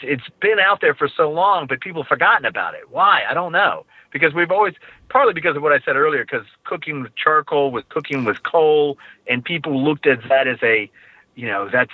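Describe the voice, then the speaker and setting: Excited man rambling over a phone line. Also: medium pitch, dry recording. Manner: enthusiastic, rambling with restarts. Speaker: guest, barbecue grill and book collector. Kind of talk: casual podcast conversation.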